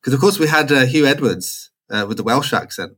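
A man with a middle-of-the-road pitch chats on a podcast. He talks in an animated, loose way, filling his sentences with "like" and chuckling easily. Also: a little fast. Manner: animated, chatty, many "like"s, laughs easily. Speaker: podcast co-host. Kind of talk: casual chat.

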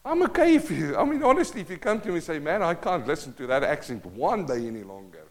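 High-voiced South African pastor preaching. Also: male voice, big pitch swings, fast. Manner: impassioned, swinging between loud and hushed. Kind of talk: sermon.

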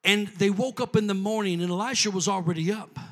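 A man's voice: high-pitched, a little fast. A man preaching a sermon in a church, building to fervent call-and-response with the congregation. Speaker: pastor. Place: church sanctuary. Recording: long hall reverb.

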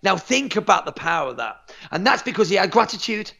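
A martial arts instructor talking on a podcast, energetic and emphatic, swearing freely and tripping over repeated words. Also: male voice, sits high, fairly quick, gravelly. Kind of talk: motivational podcast chat.

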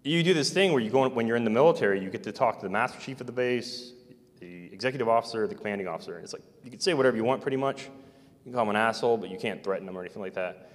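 A man telling a personal story in a casual, halting, meandering way. He sounds like an interviewee recalling his military days. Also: medium pitch. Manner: halting, meandering, soft-spoken. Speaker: interviewee recounting military experiences. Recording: long hall reverb.

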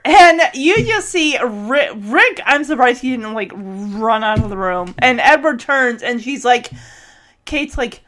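High-voiced woman gabbing about a tv episode, giggly, pitch all over the place, unhurried. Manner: chatty, giggly, animated retelling with quoted voices. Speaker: podcast host recapping a TV episode. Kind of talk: casual chat.

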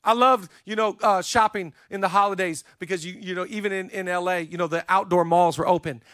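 A man in his thirties preaching a sermon from a church stage on a handheld microphone, building lists and repeating words as he climbs to shouted emphasis. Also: sits high, fairly even intonation, fairly quick, no echo, clean studio sound. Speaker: pastor.

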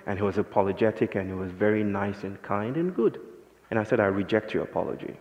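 A man's voice: fairly low pitch, a little fast, a little mellow, lo-fi sound. A man giving a reflective, poetic public talk to an audience, musing and then pressing points with passion. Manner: poetic, musing, builds to impassioned emphasis. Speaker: invited speaker. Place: lecture hall with audience. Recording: reverberant hall.

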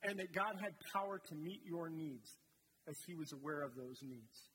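A man's voice: fairly high pitch, normal speed, a bit bright. A man preaching a sermon as a guest speaker, talking conversationally and telling stories with asides. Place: church sanctuary. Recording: long hall reverb, faint noise.

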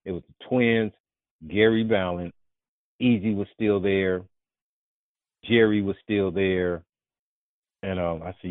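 A man casually telling a long, profane, rambling story as a guest, often breaking into animated quoted voices. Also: moderate pace, long pauses, no room sound. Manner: profane, rambling, jumps into high animated voices when quoting others. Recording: dry, tinny phone-like audio.

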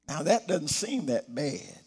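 A middle-aged man preaching a sermon, slow, dropping soft and low and then rising to emphatic peaks. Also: big pitch swings, slightly rough.

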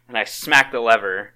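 A man's voice: mid-range voice, bright, forceful tone, smooth, rough recording. A young man co-hosting a casual podcast, telling stories with lots of swearing and laughter. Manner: profane, storytelling, laughs a lot. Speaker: podcast co-host. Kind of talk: casual chat.

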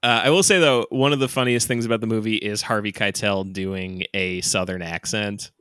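A man's voice: on the low side, steady tone, moderate pace, a bit bright, clean tone, dry recording, studio quality. A man co-hosting a podcast in casual chat, laughing often and talking loosely with lots of fillers. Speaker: podcast co-host.

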